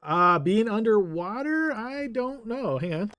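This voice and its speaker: Dry-voiced game master explaining rules. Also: male voice, sits high, lively intonation, unhurried, pushed and bright, no echo, soft background music. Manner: explains rules patiently, thinks aloud. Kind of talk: running a tabletop game.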